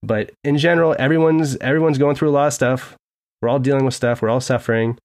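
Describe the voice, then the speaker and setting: A young man co-hosting a casual sports podcast from home, telling animated stories and laughing often. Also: medium pitch, quick pace. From United States. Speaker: podcast co-host.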